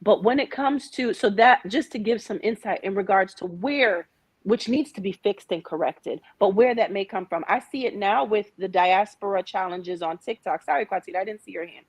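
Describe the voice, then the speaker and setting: A young adult woman from Jamaica hosting a casual group discussion, speaking candidly and telling personal stories with animated asides. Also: mid-range voice, moderate pace, slightly rough, no room sound.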